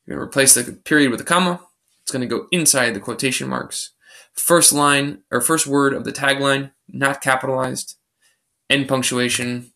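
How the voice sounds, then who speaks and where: A male teacher talks through a grammar lesson in a screencast, recorded on a computer microphone. His voice is bright and forward, set at an ordinary middle pitch. He explains patiently, restating each rule as he goes. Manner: patient, explanatory, recapping rules step by step.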